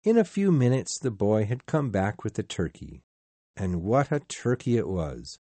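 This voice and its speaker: A man's voice: fairly low pitch, big pitch swings, measured pace, dark tone, dry recording. A man narrating a storybook aloud, speaking expressively and addressing the reader directly.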